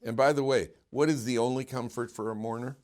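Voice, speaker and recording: A man's voice: mid-range voice, fairly even intonation, a little fast, darkish tone. A man, a rabbi giving an informal Torah class, talking animatedly many restarts and questions to his students.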